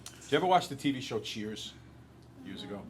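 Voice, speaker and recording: A male teacher lecturing a class in an animated, joking storyteller way. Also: medium pitch, a little fast, a little hiss or hum.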